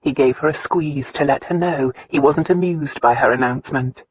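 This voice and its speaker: A woman narrating an audiobook in a calm, measured way. Her voice is slightly husky, and the recording is dry and somewhat dull, with no room sound. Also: low-pitched, no echo. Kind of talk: scripted narration.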